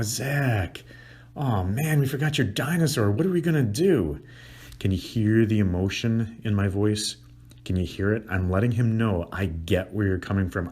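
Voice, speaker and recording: A middle-aged man, a couples counselor, teaching with animated, acted-out emotional examples and sound effects. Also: deep voice, breathy edge. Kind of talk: explanatory teaching talk.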